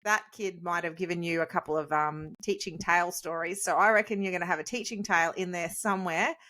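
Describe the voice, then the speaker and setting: A woman's voice: lowish voice, steady tone, fast, bright, forceful tone. A woman hosting a podcast in a playful, enthusiastic chat. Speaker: podcast host. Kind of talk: casual chat.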